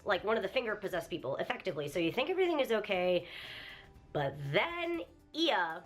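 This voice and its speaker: A young woman vlogger giving an emotional, animated anime review rant, swearing freely. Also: lowish voice. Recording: faint music behind.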